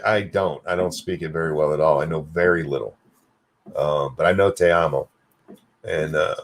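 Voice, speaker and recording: An older American man with a deep, low-pitched voice that swings widely in pitch as he talks. He hosts a solo live stream in a loose, rambling way, swearing freely and answering viewer chat as it comes in. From United States. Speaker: show host reading live chat.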